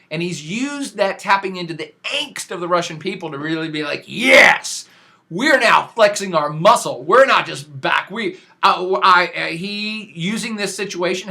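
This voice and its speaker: A professor-type man gives a laid-back podcast talk on world affairs in a high voice. He's lively and full of slang, hitting points hard and frequently starting his sentences over.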